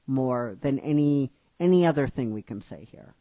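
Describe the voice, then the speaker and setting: A man retelling a fan-written story in an emotional storytelling recap, halting and restarting his phrases. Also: medium pitch, dark tone, no room sound, rough recording. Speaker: narrator retelling a fan script.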